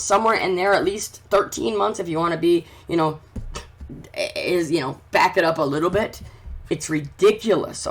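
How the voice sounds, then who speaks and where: A man's voice: high-pitched, a bit bright. A man hosting a commentary vlog, reading news aloud and ranting about it in a fervent, preachy way that urges his listeners. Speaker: channel host.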